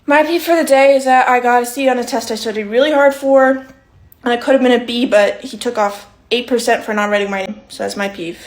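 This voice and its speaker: A woman's voice: on the high side, a little fast. A young woman performing short comedy sketches, playing every part herself with a dry, matter-of-fact delivery.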